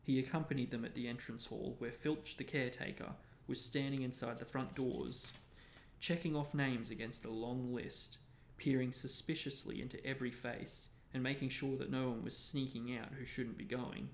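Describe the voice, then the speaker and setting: A man hosting a show, reading a novel aloud in a steady storytelling manner. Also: medium pitch, moderate pace, a little hiss or hum. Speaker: reader and show host. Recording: roomy echo.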